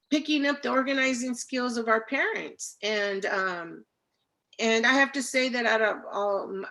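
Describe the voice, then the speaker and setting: A middle-aged woman with a fairly high voice speaks as a guest in an interview. She tells her story with feeling and often pauses on fillers as she gathers her thoughts. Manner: animated, emotional storyteller with many fillers. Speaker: interview guest, labor organizer. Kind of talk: conversational storytelling.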